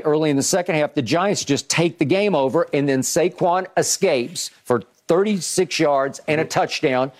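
A man hosting a sports debate show, recounting plays emphatically with frequent restarts. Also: fairly high pitch. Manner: animated, restarts often, emphatic play-by-play recounting.

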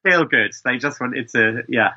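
A man's voice: medium pitch, a little slow, pushed and bright, muffled recording. A man with a London accent, talking chattily as a guest on a podcast, with lots of fillers and restarts. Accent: London English. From England, London. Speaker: guest, speech expert. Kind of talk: casual podcast conversation.

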